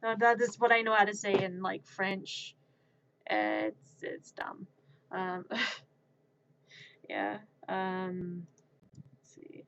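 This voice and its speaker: Slow-talking playful woman streamer. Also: medium pitch, fairly bright tone. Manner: playful, rambling. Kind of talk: casual livestream chat. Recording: dull lo-fi stream audio.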